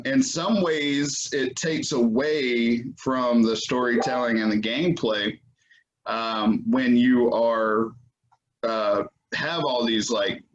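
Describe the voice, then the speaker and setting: A man's voice: mid-range voice, dull audio, slight background noise. Rambling podcast host, a man. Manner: rambling, many fillers and restarts. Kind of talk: casual chat.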